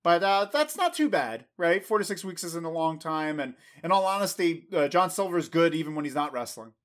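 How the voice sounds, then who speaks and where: A man co-hosting a podcast chats casually and teases his partner, his voice on the high side, animated and a little fast.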